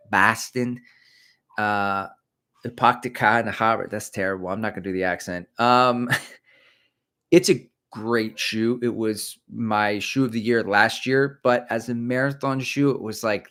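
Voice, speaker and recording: A man's voice: lowish voice, a bit bright. A middle-aged man hosting a casual running livestream, rambling and self-mocking as he chats about shoes. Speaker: running channel host. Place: indoors, creaky chair.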